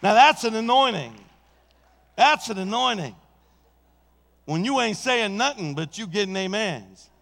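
A male pastor preaches a story-driven sermon and rises to shouts at its high points. His voice sits high for a man. A long reverb from the church sanctuary trails his words. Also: creaky. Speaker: senior pastor.

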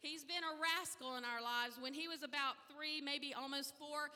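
Woman pastor, high and very bright voice, animated storyteller, reverberant hall. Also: normal speed. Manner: animated storytelling, acting out dialogue. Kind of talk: testimony sermon.

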